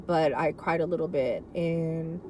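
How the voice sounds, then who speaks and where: Sitting in a car, a woman vlogger with a low, darkish voice speaks a little slowly as she openly shares her caregiving story. It's an emotional, unscripted ramble packed with asides, and a little hiss or hum runs under the recording.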